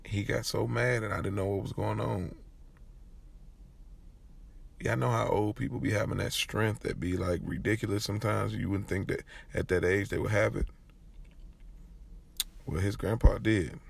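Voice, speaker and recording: Gravelly low-voiced male storyteller. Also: steady tone. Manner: conversational, halting restarts. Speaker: narrator. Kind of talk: first-person audio drama monologue.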